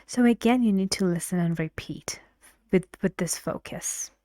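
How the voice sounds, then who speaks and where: In a clean studio recording with a dry sound, a woman with a medium-pitched, mellow voice teaches English pronunciation online. She explains things slowly and supportively, sometimes lowering her voice to a half-whisper.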